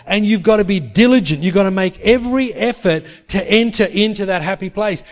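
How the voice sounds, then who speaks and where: A pastor with a notably high-pitched male voice delivers a sermon. He tells a story earnestly and drives his points home by repeating phrases. He turns to his listeners for an amen.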